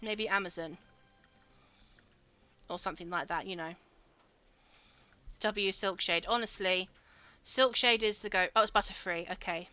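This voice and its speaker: Her mid-range voice has a sharp tone and an unhurried pace with long pauses, and the highs are cut off. She's streaming a game, giggling often and chatting casually with her viewers.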